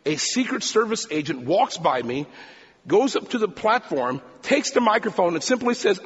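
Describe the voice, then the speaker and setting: A male preacher telling a personal story in a sermon, talking fast and animated. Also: high-pitched, breathy edge, long reverb tail, dull audio.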